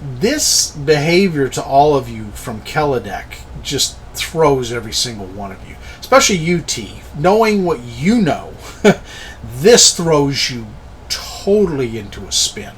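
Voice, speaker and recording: Slow-talking man game master. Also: medium pitch, sing-song, slight background noise. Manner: slow, descriptive storytelling. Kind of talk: narrating a tabletop game.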